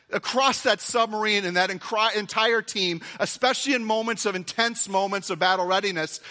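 A man's voice: high-pitched, bright, forceful tone. A man preaching a sermon to his congregation, enthusiastic and emphatic, repeating phrases for effect. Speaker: pastor. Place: church auditorium with several campuses.

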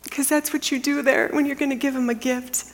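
A middle-aged woman giving a testimony as a sermon, telling her story earnestly and dropping into a hushed whisper for the quiet moments. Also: high voice, steady tone, a little fast. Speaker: women's ministry speaker. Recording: long hall reverb.

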